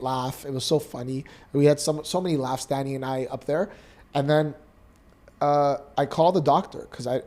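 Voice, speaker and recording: An earnest, animated Canadian man in his thirties, co-hosting a podcast, relates an emotional story about himself in a mid-range voice.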